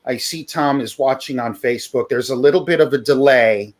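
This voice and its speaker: A man's voice: mid-range voice, a little fast. A man hosting a charity livestream auction, chatting casually, laughing often and calling out bids.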